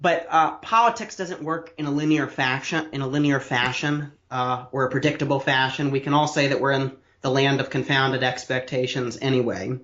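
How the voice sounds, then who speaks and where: A man's voice: medium pitch, fairly even intonation, normal speed, few pauses, a bit bright, reverberant, lo-fi sound. A man co-hosting a podcast, explaining political history in detail with a lecturing, casual manner and frequent restarts.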